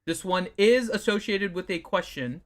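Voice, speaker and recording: A man's voice: high voice, normal speed. A man hosting a charity livestream on a video call, reading out donations with wry jokes. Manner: wry, jokey, reads out donations. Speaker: host.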